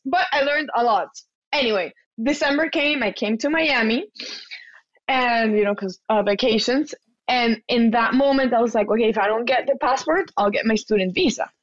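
A woman's voice: on the high side, normal speed, no room sound, muffled recording. A young woman chatting casually as a guest, telling a personal story and acting out the people in it. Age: young adult. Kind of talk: casual chat.

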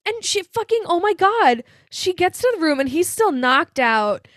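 A woman co-hosting a casual podcast, recapping a film in lively chat and acting out lines with laughs and swearing. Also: very high voice, normal speed, no echo, clean studio sound. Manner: animated, swears, acts out quotes with laughs. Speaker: podcast co-host.

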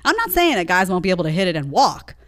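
A woman's voice: fairly low pitch, big pitch swings, quick pace, fairly bright tone. A woman hosting a live show, reacting to clips with indignant, mocking commentary. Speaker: host. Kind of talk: opinionated live-stream commentary.

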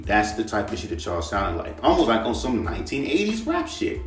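Profane, animated man ranting in an echoey room. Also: fairly low pitch, brisk, hardly any pauses. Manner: profane, animated, mimics rap flows. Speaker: podcast host and rapper. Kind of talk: casual solo rant. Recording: echoey room, mic at a distance, faint music.

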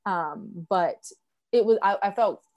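A woman's voice: medium pitch, takes it slowly, a little mellow, highs cut off. A young woman telling a personal story in a loose, chatty way. She fills her talk with likes and ums and acts out what other people said. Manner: chatty, many fillers, acts out quoted voices. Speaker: guest sharing a birth story. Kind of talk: casual storytelling chat.

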